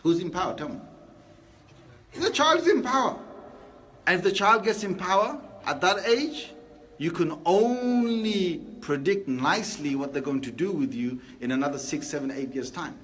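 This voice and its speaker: A man preaches a Friday sermon in a high, bright-sounding voice. He talks to the congregation casually, firing rhetorical questions at them, with a faint hum behind him. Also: moderate pace. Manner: lively and conversational, asking the crowd rhetorical questions.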